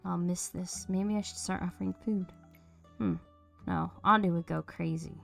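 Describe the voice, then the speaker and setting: A woman's voice: on the low side, normal speed, vocal fry, soft background music. A woman streaming a narrative game, reading out all the characters' lines in playful, shifting voices. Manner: switches between character voices, lively and playful. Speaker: streamer voicing a game's characters.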